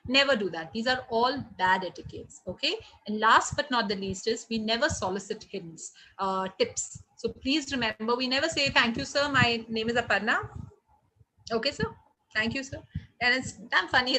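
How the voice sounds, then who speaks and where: A middle-aged woman with an Indian English accent, running a live online hospitality training session, energetic and encouraging as she reads out the chat. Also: a little high, poor audio. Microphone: video call.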